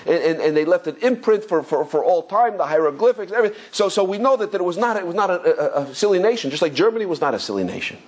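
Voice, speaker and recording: A rabbi giving an animated Torah class, telling stories excitedly with stumbling repetitions and chuckles. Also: male voice, high voice, quick pace, few pauses, slightly rough. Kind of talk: animated Torah lesson with storytelling.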